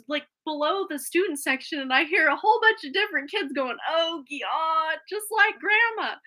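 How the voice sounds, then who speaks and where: Woman, thirties, tarot reader, live stream, effusive, giggly, bright tone, high pitch. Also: poor audio. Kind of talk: live stream chat and readings.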